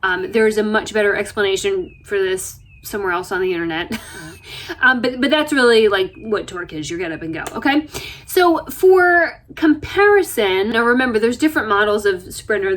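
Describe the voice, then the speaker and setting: A woman vlogger from the United States talking in a chatty, self-deprecating way, telling stories with lively asides. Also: medium pitch, moderate pace, a little hiss or hum. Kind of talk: casual chat. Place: RV interior.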